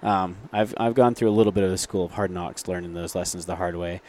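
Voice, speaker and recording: A man's voice: sits low, fairly even intonation, quick pace, a little mellow. A man, a business owner, telling stories in a casual interview, rambling with frequent fillers and self-corrections. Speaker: guest, reclaimed wood business owner.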